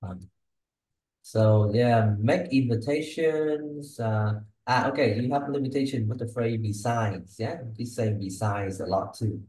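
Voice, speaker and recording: A male English tutor gives one-on-one pronunciation feedback in a mellow, dark, mid-range voice at a measured pace. He models words for the student and keeps checking in with quick "yeah?" and "okay?" questions, recorded in an echoey room.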